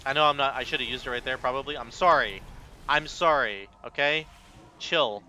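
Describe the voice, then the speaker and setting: A man giving excited, self-mocking live commentary while playing a game. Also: medium pitch, moderate pace, a little hiss or hum. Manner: animated, exclamatory, self-mocking. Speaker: gaming content creator.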